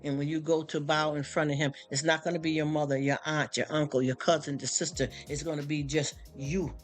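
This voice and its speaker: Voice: medium pitch, little pitch movement, a little fast. Tired streamer talking faith. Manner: rambling, repeats "you understand?". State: tired after a long work shift. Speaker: live streamer. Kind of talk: casual spoken faith talk to a live chat. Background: faint background music.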